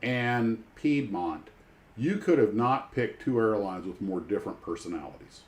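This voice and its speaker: A man's voice: lowish voice, lively intonation, moderate pace, darkish tone. A man, a retired pilot hosting a livestream, telling rambling stories full of restarts. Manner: rambling storyteller with many restarts. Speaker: livestream host. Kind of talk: casual chat.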